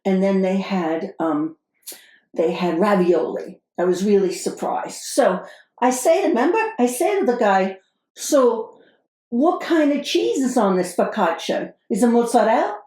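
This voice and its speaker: A woman's voice: mid-range voice, expressive, unhurried, dark tone, natural voice. A woman playing an exasperated middle-aged Brooklyn wife in a put-on New York accent, complaining animatedly in an improvised comedy sketch. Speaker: podcast co-host in character. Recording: roomy echo.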